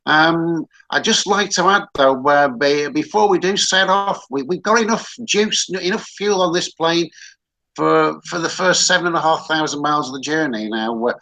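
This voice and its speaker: A man voicing a breezy male airline pilot making a jokey, deadpan intercom announcement in a put-on Australian accent. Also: on the high side, moderate pace, creaky, pitched above the performer's own voice, low-quality recording. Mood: mock-reassuring.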